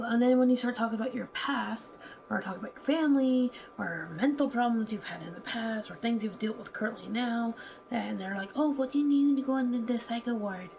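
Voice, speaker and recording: Gravelly woman venting on a vlog. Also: a little high, darkish tone, a little hiss or hum. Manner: candid, heated, acts out other people's lines. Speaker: vlogger. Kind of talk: casual venting monologue.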